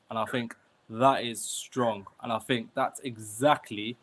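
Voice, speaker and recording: A man's voice: medium pitch, fairly even intonation, unhurried, slight background noise. A man, a guest talking in an earnest, upbeat, motivational way during a casual interview over a video call. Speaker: guest, award winner.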